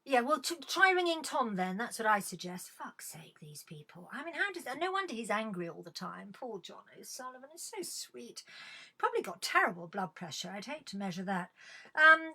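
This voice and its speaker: Bright, bawdy, sardonic woman host. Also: on the high side. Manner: bawdy, sardonic, swearing banter. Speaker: host of a live-streamed chat show. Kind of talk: live-streamed comedy chat taking calls.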